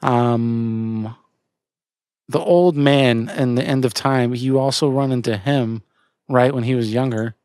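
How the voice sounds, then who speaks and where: A man co-hosting a podcast, talking about a video game in a loose, halting way with many fillers and restarts. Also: mid-range voice, a little mellow, clean tone, no room sound, studio quality. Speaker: podcast co-host. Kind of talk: casual game discussion.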